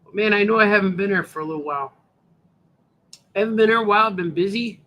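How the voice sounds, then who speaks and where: On a lo-fi livestream, a cartoonist talks quickly in a high, sharp-toned voice while showing his comic pages. He rambles in a relaxed way and says "hey, man" a lot.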